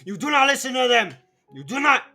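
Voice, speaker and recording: A man's voice: very high voice, very animated, brisk, vocal fry, sharp tone, faint music behind, voice pushed up, heavily acted. A man voicing a desperate father who screams the same words over and over in rage and grief. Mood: furious pleading. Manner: screaming, repeating himself.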